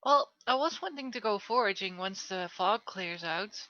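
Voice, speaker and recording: A woman playing in a tabletop game, practical and measured, over dull lo-fi call audio. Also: mid-range voice, animated, pushed and bright, dry recording. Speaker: player.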